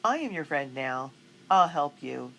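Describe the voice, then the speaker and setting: A woman's voice: low-pitched, big pitch swings, a little slow, gravelly, a bit bright, heavily acted, rough recording. A woman voicing a bold, spirited young colonial girl in a storybook, speaking confidently and coolly. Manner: confident, cool.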